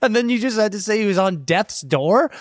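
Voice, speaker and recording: A young man with a notably high voice banters on a podcast, teasing and incredulous, laughing and swearing as he needles his co-host. The sound is dry and close-miked. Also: animated, fairly quick, dry recording. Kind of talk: casual chat, teasing banter.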